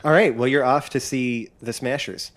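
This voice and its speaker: A man's voice: mid-range voice, moderate pace. Rambling male game master. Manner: rambling, many ums and likes. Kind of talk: casual tabletop narration.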